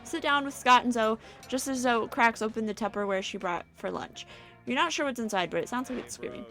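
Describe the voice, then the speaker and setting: Woman, game narrator, playful storytelling, fairly high voice, faint music. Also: fairly quick, sharp tone. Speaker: narrator and player. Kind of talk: narrating a dating-sim playthrough.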